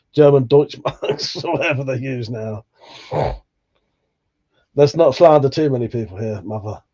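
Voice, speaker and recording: Guy reading chat on a stream, swears a lot, mellow tone, kinda muffled audio. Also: mid-range voice. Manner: chatty, swears freely, laughs at himself. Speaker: livestream host. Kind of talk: casual chat reading out viewer comments.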